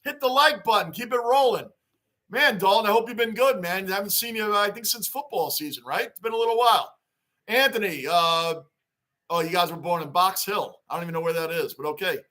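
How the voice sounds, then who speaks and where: In a high, bright, forceful voice, a man reads fan chat on his casual sports livestream at a fairly quick clip. He chats loosely, says hello to viewers by name and circles back to the same points.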